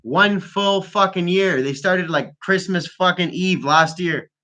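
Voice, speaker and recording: A man's voice: sits high, a little slow, sharp tone. A man hosting a casual call-in chat, freestyle rapping and rambling with heavy profanity, stoned. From Canada. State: high on weed. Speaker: host.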